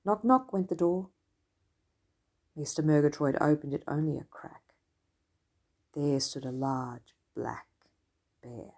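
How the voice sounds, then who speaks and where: A woman reads a children's story aloud, gentle and expressive. Her voice is somewhat low and husky, and her tone is mellow rather than bright. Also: slow, pauses often. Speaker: narrator.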